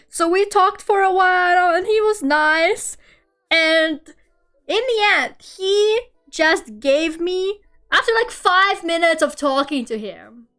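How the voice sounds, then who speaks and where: Young woman, streamer, very high voice, slow unhurried talk, casual livestream chat, rambling with laughs. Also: animated, a bit bright. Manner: rambling, filler-heavy storytelling with frequent laughs.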